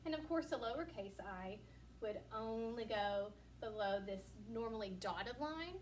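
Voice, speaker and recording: A woman teacher giving a recorded lesson to young children, patient and encouraging, asking questions and pausing for answers. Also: a little high, animated. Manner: slow, patient, encouraging, asks questions and pauses. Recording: distant mic, faint room noise.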